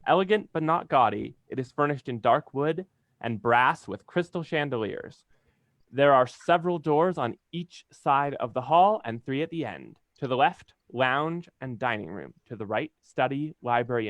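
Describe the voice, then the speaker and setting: A man's voice: medium pitch, no echo. Man reading stage directions in a dry room. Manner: plain, occasionally stumbling and laughing.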